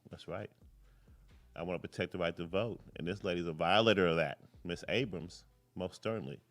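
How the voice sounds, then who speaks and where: On his live political commentary show, a man with a low-pitched, fairly bright voice talks a little fast. He chats casually, jumping from tangent to tangent and swearing freely.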